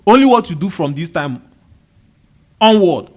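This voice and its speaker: Lively Nigerian man preaching motivation. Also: high voice, measured pace. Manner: preachy, rhetorical questions, repeats key phrases. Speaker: motivational video host. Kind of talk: motivational monologue to camera. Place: indoor room with a fan running.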